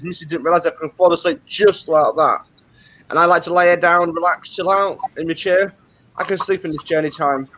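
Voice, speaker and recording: A man, a guest chatting casually and telling slow, laid-back stories between short agreeing replies. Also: fairly high pitch, fairly bright tone, lo-fi sound, a little hiss or hum. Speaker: guest on the show. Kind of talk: casual chat.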